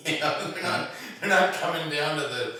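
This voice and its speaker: A man in casual comedic chat as co-host, halting with fillers and laughing at his own jokes. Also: a little high, pushed and bright. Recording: echoey room, distant mic.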